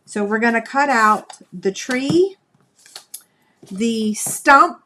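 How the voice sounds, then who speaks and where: A woman talks slowly and folksily with her viewers while she demonstrates a craft live. Her voice sits a little high. There is a faint hiss of noise in the background. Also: a bit bright. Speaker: crafting livestream host.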